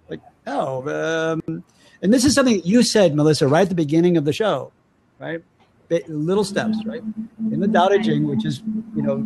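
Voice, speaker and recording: A man as an interview guest, chatting casually and acting out the voices of people in his stories. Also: a little high. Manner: animated storyteller acting out voices.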